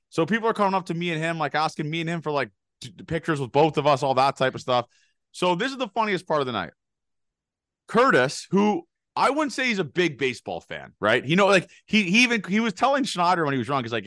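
A man's voice: on the high side, sing-song, a bit bright, no echo, studio quality. A young man telling a rambling, laughing story on a casual podcast. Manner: rapid rambling anecdotes, laughing, swearing. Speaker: podcast co-host.

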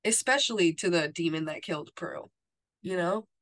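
A woman's voice: lowish voice, normal speed, a bit bright. A woman co-hosting a podcast, chatting casually about a TV episode and filling her talk with "like" and "you know". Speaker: podcast co-host. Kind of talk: casual TV recap chat.

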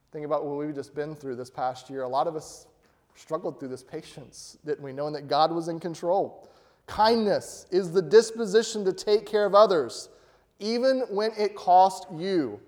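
A man's voice: fairly high pitch, unhurried, darkish tone. A male pastor preaching a sermon, asking his congregation questions and rising to emphatic peaks. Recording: long hall reverb.

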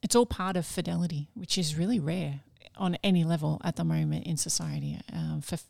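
A woman in a casual faith discussion, speaking heartfelt and reflective, pausing to search for her words. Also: lowish voice, vocal fry, a little mellow, dry recording, studio quality. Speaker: religious sister or guest.

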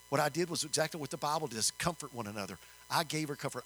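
Older man preaching with bright voice. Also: mid-range voice, racing, hardly any pauses, a little hiss or hum, poor audio. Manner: folksy, animated storytelling with rising emphasis. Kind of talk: storytelling sermon.

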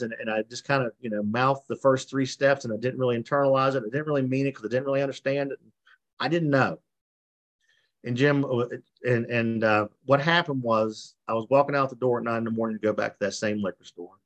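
A man's voice: medium pitch, steady tone, fairly quick, fairly bright tone. Guy on a video call telling his recovery story, folksy, does the voices of folks he quotes. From West Virginia. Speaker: recovery meeting speaker. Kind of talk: personal testimony.

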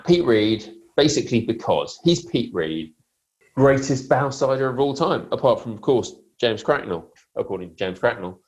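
A middle-aged man co-hosting a comic podcast, delivering jokes in a deadpan, mock-serious way. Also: on the low side, rough recording. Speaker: podcast co-host.

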